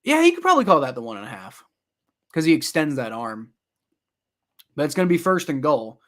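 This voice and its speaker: A young man talks through a football game live, half commentary and half reaction, rambling with lots of fillers. His voice sits a bit higher than most men's, and he gets loud and exasperated when the play annoys him. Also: very animated, brisk. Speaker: sports reaction streamer.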